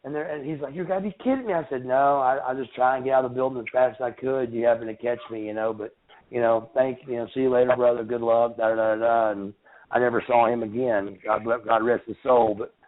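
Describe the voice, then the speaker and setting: A man in his thirties speaks haltingly, stumbling and repeating himself as he recalls a painful memory. He comes through a tinny phone line with a narrow, boxy sound. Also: medium pitch, level tone. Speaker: guest. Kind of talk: emotional interview recollection. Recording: phone-line call-in audio.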